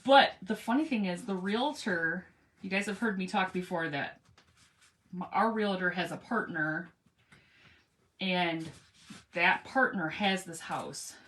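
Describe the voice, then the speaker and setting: A woman's voice: lowish voice, a little slow, pauses often, a bit bright. A woman hosting a casual craft livestream, chatting rambly and greeting viewers by name as she works. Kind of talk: casual chat while crafting.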